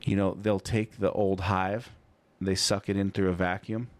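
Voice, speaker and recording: A man's voice: deep voice, flat delivery, moderate pace. A man co-hosting a podcast in a small studio, chatting casually and spinning a rambling story full of "you know" and "I'm like". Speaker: podcast co-host. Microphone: studio mic.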